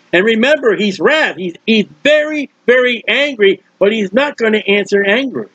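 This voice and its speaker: A man's voice: high voice, expressive, moderate pace, few pauses, fairly bright tone, no room sound. A male preacher teaching from the Bible in a conversational, emphatic way, repeating words for stress and adding folksy asides. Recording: dull, dry lo-fi recording.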